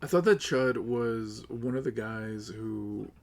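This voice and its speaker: A man streaming live, ranting with lots of swearing, upset and close to tears, swinging between loud outbursts and low mutters. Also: slow. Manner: profane, agitated, swings between yelling and muttering. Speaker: livestreamer.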